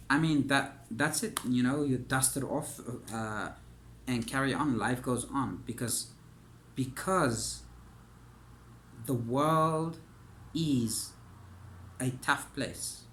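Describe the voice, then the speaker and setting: A man coaching in a monologue, halting and filling his talk with "you know" and "um". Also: mid-range voice, a bit bright, a little hiss or hum. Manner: halting, filler-heavy, says "you know" constantly.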